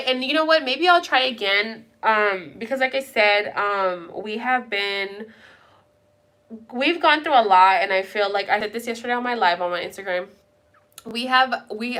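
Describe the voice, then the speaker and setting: A woman's voice: mid-range voice, sharp tone. A young woman hosting a live stream, chatting casually and answering viewer comments in a blunt way, swearing freely and slipping into Spanish now and then. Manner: bilingual, slips into Spanish. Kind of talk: casual chat, reading viewer comments aloud.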